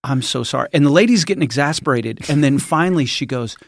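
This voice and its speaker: Guy with a gravelly voice, co-hosting a church podcast, animated storyteller, dry sound. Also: mid-range voice, quick pace, no echo. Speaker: podcast co-host, pastor. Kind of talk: casual chat.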